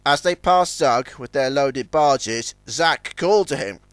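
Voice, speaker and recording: A man narrating a children's storybook in a lively, expressive reading style. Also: medium pitch, a little slow, clean tone, dry recording.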